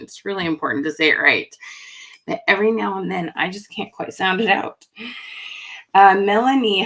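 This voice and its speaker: Bright-voiced woman hosting a livestream. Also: mid-range voice. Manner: friendly, chatty, reacting warmly to viewer comments. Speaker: livestream host. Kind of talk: live stream greeting chat viewers.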